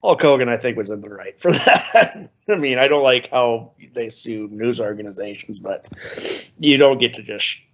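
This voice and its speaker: A man's voice: mid-range voice, animated, moderate pace, fairly bright tone, highs cut off. Laid-back joking male podcast co-host. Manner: laid-back, joking, says "man" and "brother". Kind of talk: casual podcast banter.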